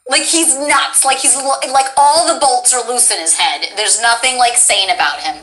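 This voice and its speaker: A woman voice actress hosting a casual livestream chat, bubbly and quick to laugh, with plenty of fillers. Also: a little high, bright, forceful tone, poor audio. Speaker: voice actress and stream host.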